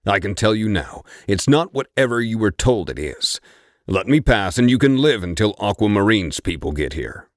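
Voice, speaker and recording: A man's voice: fairly low pitch, sing-song, moderate pace, dry recording, studio quality, voice pushed up. A man voicing a defiant young male fighter who growls his threats.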